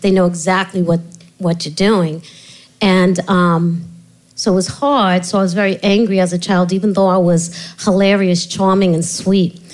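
A woman's voice: fairly low pitch, normal speed, poor audio. A middle-aged woman, an author and guest, telling her life story in an interview with many restarts. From Puerto Rico heritage. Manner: animated storyteller, laughs often, many restarts. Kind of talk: candid interview conversation.

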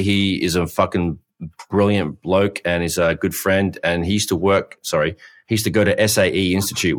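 A man co-hosting a podcast, telling stories with enthusiasm and swearing casually. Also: low-pitched. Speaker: podcast co-host. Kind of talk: casual chat.

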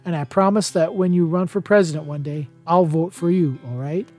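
A man reading the lines of a gentle, encouraging middle-aged woman president in an audiobook. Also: on the low side, fairly quick, soft background music, close to an everyday voice.

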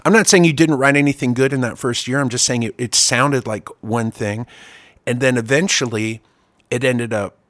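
A man's voice: mid-range voice, moderate pace, fairly bright tone, no echo. Rambling, self-deprecating man. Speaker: podcast host and songwriter. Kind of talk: casual chat.

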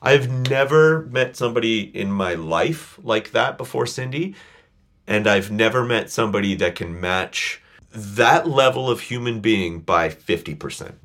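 A man's voice: fairly low pitch, measured pace, fairly bright tone. A man telling a personal story as a podcast guest, earnest and a little choked up. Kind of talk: casual chat, personal storytelling.

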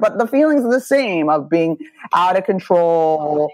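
A woman's voice: fairly low pitch, expressive, measured pace, a little mellow, dry recording, poor audio. A middle-aged woman from the United States, speaking candidly as a memoir author in an interview, blunt and self-mocking, swearing freely.

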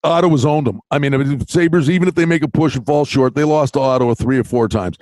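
A man's voice: mid-range voice, fast talker, darkish tone. A man co-hosting a sports betting podcast in casual chat, with a theatrical, hammy way of building things up. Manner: theatrical, hammy build-ups with mock voices. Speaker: podcast co-host, hockey betting.

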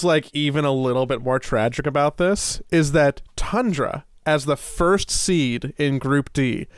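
Young guy on a podcast, kinda high smooth voice, rambly, trips over words, dry mic. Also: dry recording. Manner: rambling, repeats words, laughs easily. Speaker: podcast co-host. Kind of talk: casual chat.

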